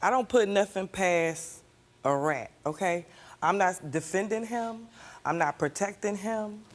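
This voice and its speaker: A woman's voice: mid-range voice, unhurried. An older grandmother guest on a talk show, insistently defending herself and pushing back.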